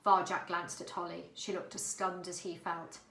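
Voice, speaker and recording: Bright woman reading a storybook aloud. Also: fairly low pitch, moderate pace, creaky, reverberant, slight background noise, rough recording. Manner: expressive, dramatic. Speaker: narrator.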